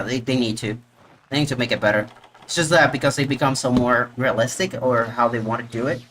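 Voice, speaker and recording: A man streaming a video game live, reacting out loud and talking to the monster he fights. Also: medium pitch. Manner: excitable, talks to the monster. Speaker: gaming streamer. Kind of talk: live gameplay commentary.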